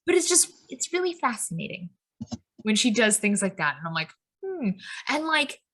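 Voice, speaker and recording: A woman's voice: a little high, very animated, moderate pace, fairly bright tone. A woman in her thirties co-hosting a podcast, chatting casually and rambling through tangents with lots of "like" and "um". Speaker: podcast co-host. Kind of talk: casual spiritual chat.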